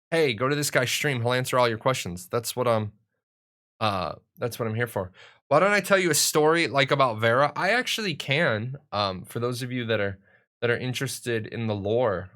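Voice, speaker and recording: A man's voice: mid-range voice, lively intonation, moderate pace, fairly bright tone. A young adult man chatting casually and rambling on a live stream, joking about himself as he goes. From United States.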